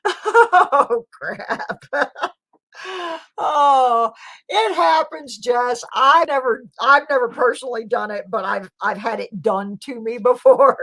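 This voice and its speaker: A woman's voice: a little high, takes it slowly, fairly bright tone, poor audio. A woman hosting her own live stream, chatting casually with viewers and laughing often. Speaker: channel host.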